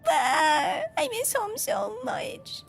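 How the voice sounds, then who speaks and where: Woman acting a tearful alien customer, homesick, wailing, high voice, sweeping pitch. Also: very animated, drawn-out words, vocal fry, a bit bright, soft background music, heavily acted.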